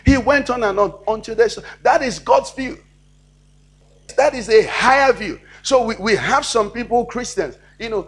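A man's voice: high-pitched, fairly bright tone. A man, preaching a sermon as pastor, asking the congregation questions and acting out dialogue.

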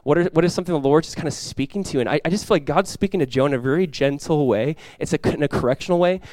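A male pastor preaching at a rapid clip, with a slightly high voice. He talks in a casual, animated way and slips into quick voiced asides. The sound is dry and close. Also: no echo. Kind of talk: sermon.

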